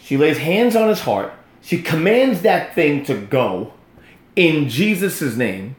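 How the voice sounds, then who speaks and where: A man's voice: on the high side, big pitch swings, takes it slowly, roomy sound. A man telling a faith story in casual talk, blunt and emphatic, acting out the quotes. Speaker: podcast guest telling a testimony.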